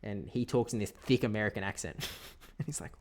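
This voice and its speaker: A man's voice: lowish voice, fast talker, vocal fry. A young Australian man streaming a game, chatting casually and telling anecdotes with frequent laughs. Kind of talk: casual chat while gaming.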